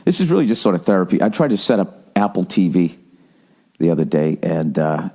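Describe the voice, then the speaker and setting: A middle-aged American man with a fairly low voice, ranting on a podcast. He swears freely, stumbles and restarts sentences, and keeps a loose comedic flow. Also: fairly quick, gravelly, darkish tone, slightly rough. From United States. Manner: profane, ranting, with frequent restarts. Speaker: podcast host.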